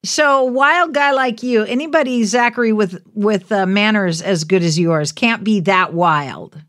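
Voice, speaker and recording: A woman hosting a call-in radio show, speaking gently and consolingly to callers, calling them honey. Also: medium pitch, measured pace, no room sound, studio quality. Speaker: radio host.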